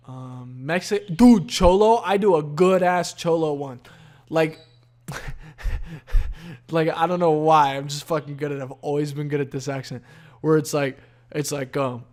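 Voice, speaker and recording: A man's voice: fairly high pitch, darkish tone. A tired, yawning man hosting a solo podcast, rambling in a laid-back, profane stream of consciousness. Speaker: podcast host.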